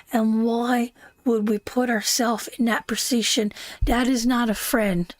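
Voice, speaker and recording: A woman's voice: on the high side, steady tone, a little slow, no echo. A woman hosting a live tarot reading, who talks affectionately to viewers, calls them sweetheart and my darling, and repeats her points emphatically. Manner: emphatic, repeats phrases over and over.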